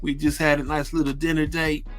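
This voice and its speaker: Crude, boastful male radio host, higher voice. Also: flat delivery, fairly bright tone, soft background music. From Ohio. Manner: laid-back, crude and boastful, with halting restarts. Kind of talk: casual profane storytelling.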